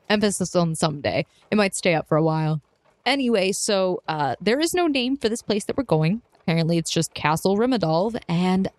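A young woman playing a tabletop role-playing game, narrating her character and speaking as her with lively, animated swings in pitch. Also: fairly quick, dry recording. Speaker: player.

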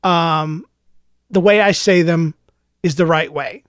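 A middle-aged man hosting a solo podcast, mock-ranting tongue in cheek in a low-key, unhurried way. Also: no room sound, clean studio sound. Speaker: podcast host.

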